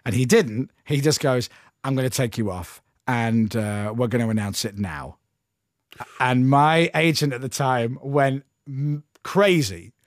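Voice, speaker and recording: Male guest, ex-radio host, mid-pitched voice, animated anecdote teller who acts out the dialogue; dry, close sound. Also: measured pace, no room sound. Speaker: interview guest, former radio breakfast show host. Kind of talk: conversational storytelling.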